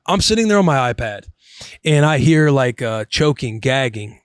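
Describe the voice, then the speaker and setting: A man in his thirties, a podcast host, telling a story in a casual, animated way, swearing and calling his listener bro. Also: mid-range voice, moderate pace, clean tone, no room sound, clean studio sound.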